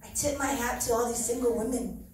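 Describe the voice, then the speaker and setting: In a church hall with heavy echo and a distant mic, a middle-aged woman offers a heartfelt testimony, laughing as she goes. Her pitch is fairly high and her intonation fairly even; she talks briskly in a slightly mellow voice, over slight background noise.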